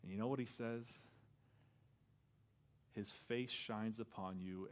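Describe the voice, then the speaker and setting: A male pastor preaching a sermon in a conversational style, acting out quoted lines and dropping to a soft near-whisper on key words. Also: on the low side, steady tone, slow pace, pauses often.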